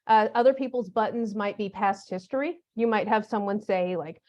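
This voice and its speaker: A woman's voice: medium pitch, moderate pace, darkish tone, dull audio. A woman presenting a teacher workshop in a conversational, humorous way, with practical classroom examples. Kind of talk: conference workshop talk.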